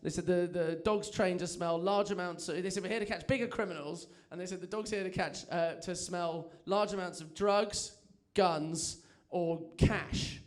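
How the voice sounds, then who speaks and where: A man's voice: high voice, steady tone, moderate pace, few pauses. A young man doing a chatty, self-mocking stand-up set on a comedy club stage, telling stories with lots of energy.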